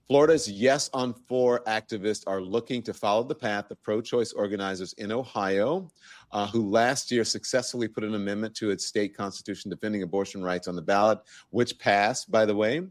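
A man's voice: on the low side, a little fast, no room sound. A man hosting a news talk interview, speaking in a loose, conversational way. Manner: conversational, loose, restarts sentences. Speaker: host.

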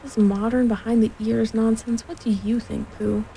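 A woman's voice: on the high side, fairly even intonation, a little slow, gravelly, warm tone, slight background noise, low-quality recording. A woman voicing a gloomy, grumbling old male donkey in a storybook reading. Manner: grumbling, sour.

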